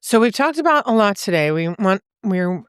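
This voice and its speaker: A woman podcast co-host who works as a therapist, explaining ideas in a relaxed, thoughtful way and checking in with "right?" and "you know?". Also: mid-range voice, moderate pace, clean tone, no room sound, studio quality. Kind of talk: casual faith podcast conversation.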